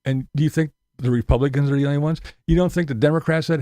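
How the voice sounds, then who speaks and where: A man's voice: on the high side, steady tone, fast talker, hardly any pauses, warm tone, no room sound, clean studio sound. A man ranting profanely on a casual live stream, sarcastic and mocking. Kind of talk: casual livestream rant.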